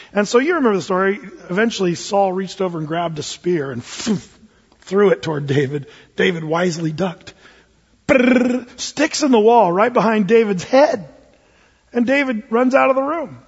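Male pastor, high husky voice, lively storyteller, lo-fi recording in a reverberant church. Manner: animated, acts out voices of the story figures. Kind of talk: storytelling sermon. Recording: dull lo-fi recording in a reverberant hall.

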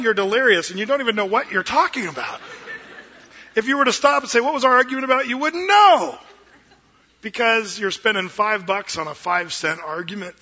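Middle-aged pastor guy preaching, really bright sharp voice, jokey and animated, kinda muffled recording. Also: high voice, fairly quick. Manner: animated, joking, acts out quoted voices. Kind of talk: sermon.

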